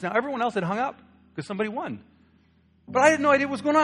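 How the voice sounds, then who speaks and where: A young man preaching, telling a personal story with lively acted-out voices. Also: extremely high pitch, racing, slight background noise. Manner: animated storyteller acting out quoted voices. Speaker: pastor. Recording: long hall reverb with soft guitar.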